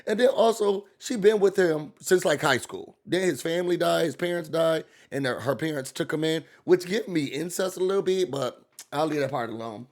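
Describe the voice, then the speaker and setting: Man, animated vlogger ranting through a show recap, raised voice with wide swings. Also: fairly high pitch, normal speed. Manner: animated, gossipy, acts out quoted voices. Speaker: YouTube recap host. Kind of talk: casual reality-TV recap rant.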